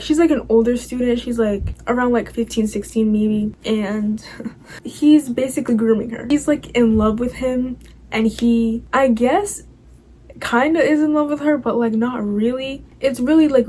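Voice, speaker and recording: Young woman vlogger, mellow and slightly high voice, loose rambling recap style. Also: steady tone, moderate pace, slight background noise, low-quality recording. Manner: rambling, full of "like" and "you know". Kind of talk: casual chatty recap.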